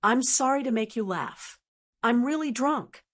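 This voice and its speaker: A woman's voice: a little high, expressive, unhurried, a bit bright. A woman reading a cool young noblewoman. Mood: musing. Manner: cool, composed, speaks lightly. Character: young noblewoman, calm, sharp-tongued clan leader.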